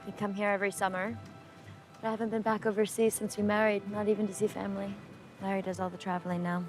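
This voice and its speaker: A woman's voice: medium pitch, level tone, quick pace, natural voice. An actress playing a reserved young married woman in the 1960s, answering politely but guardedly in a film scene. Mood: wistful. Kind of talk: film dialogue. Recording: film clip with music behind. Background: film score.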